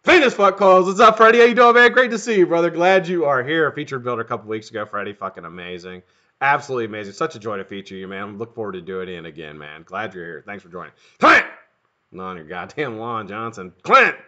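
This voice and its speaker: A middle-aged man chats on a live stream, his bright, forceful voice swinging widely in pitch. He rambles and swears between greetings to viewers. The audio is dull and lo-fi. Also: very animated, fast. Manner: profane, rambling, jokey.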